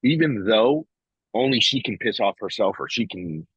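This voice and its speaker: A man with a very low, husky voice co-hosts a casual podcast, talking bluntly and swearing freely. He circles back and restarts his thoughts as he reflects. The recording is dry and a little muffled. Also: animated, normal speed, a bit bright, no echo. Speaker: podcast co-host.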